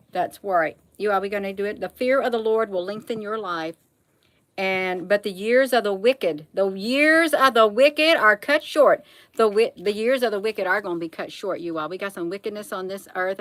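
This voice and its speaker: A woman's voice: mid-range voice, a bit bright, no echo, poor audio. A middle-aged woman hosting a casual livestream, reading proverbs aloud and chatting folksily with viewers, calling them honey. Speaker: livestream host.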